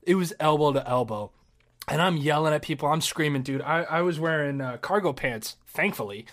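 A young man telling a story in casual podcast chat, animated, swearing and laughing, acting out his own shouts. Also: fairly high pitch, moderate pace.

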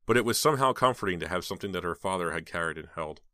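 Very deep male narrator reading a horror novel, measured, dry close-mic sound. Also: animated, sharp tone, dry recording. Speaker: audiobook narrator. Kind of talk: scripted audiobook narration.

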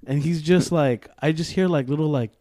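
A young man co-hosting a podcast, telling swearing-laced stories in animated chat and acting out the quotes. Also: on the high side, moderate pace. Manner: profane, animated storytelling with acted quotes. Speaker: podcast co-host. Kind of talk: casual chat.

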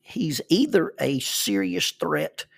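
A man telling a personal story as a life lesson, animated and acting out the people in it. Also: medium pitch, slow pace. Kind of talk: spoken storytelling.

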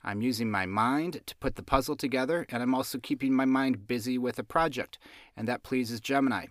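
A man hosting a casual astrology podcast, chatting in an unhurried way and laughing at his own jokes, on a close mic. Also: medium pitch, no room sound. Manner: giggly, self-amused, unhurried. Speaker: podcast host.

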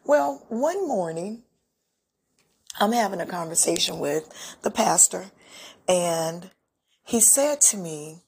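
Middle-aged female host, husky and low-pitched, candid and emotional storyteller. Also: expressive, takes it slowly, long pauses, a little mellow. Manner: candid, emotional, laughs often. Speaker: podcast host. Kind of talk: personal storytelling monologue.

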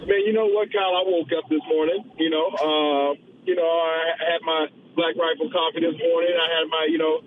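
A man's voice: fairly high pitch, level tone, brisk, a little hiss or hum. Chatty man on a tinny phone line. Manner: rambling, chatty storytelling. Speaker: caller. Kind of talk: casual call-in chat.

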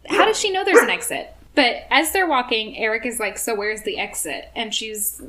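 A woman casually recapping a TV episode with a friend, animated, laughing often and acting out the characters' lines. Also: on the high side, moderate pace, very noisy. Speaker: podcast co-host.

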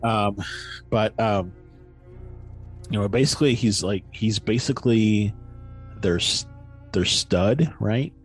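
A man with a fairly low voice retells a story in casual podcast chat. He rambles, stops and restarts often, and fills gaps with ums and "you know". Faint music plays underneath. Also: slow pace, pauses often. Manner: rambling, many fillers and restarts.

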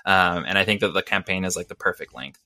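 A man's voice: low voice, fast, sharp tone, no echo, studio quality. A man co-hosting a casual podcast chat about video games, rambling with lots of fillers and little laughs. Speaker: podcast co-host.

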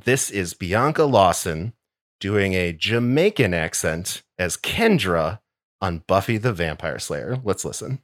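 A man's voice: fairly low pitch, fairly bright tone, dry recording, studio quality. A man co-hosting a podcast in casual chat, wry and playful, running through a list with emphasis. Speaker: podcast co-host.

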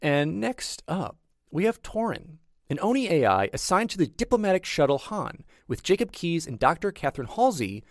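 A man's voice: on the high side, big pitch swings, moderate pace, dry recording. Chatty man co-hosting, dry close sound. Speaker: podcast co-host. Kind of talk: casual chat.

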